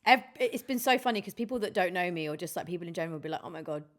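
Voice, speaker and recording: A woman's voice: fairly low pitch, expressive, very fast. A woman, a DJ chatting candidly and emotionally on a podcast, swearing freely. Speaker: DJ and guest. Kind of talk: casual podcast chat.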